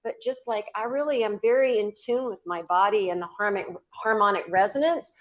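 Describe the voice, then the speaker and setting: Brisk and medium-pitched, this Southern US woman comes through on a low-quality recording. She's a psychic medium guesting in a casual interview, speaking about healing in an earnest, spirited, spiritual way, animated and often restarting.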